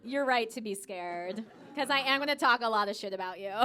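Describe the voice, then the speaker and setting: A woman's voice: fairly high pitch, moderate pace, sharp tone. An American woman doing live stand-up on stage, with a brash, profane, valley-girl delivery into a handheld mic. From United States. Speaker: stand-up comedian. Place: comedy stage before a live audience.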